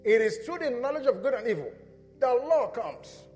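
A man with a notably high voice preaches to his congregation, firing questions at them and answering them himself. His voice rings through a reverberant church hall. Soft instrumental music plays faintly underneath. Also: big pitch swings, moderate pace. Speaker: pastor. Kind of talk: sermon. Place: church sanctuary.

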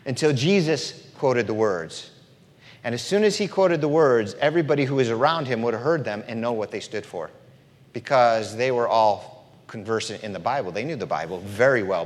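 A man giving an animated, emphatic sermon, teaching about the Bible. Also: mid-range voice, in a large hall. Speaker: preacher.

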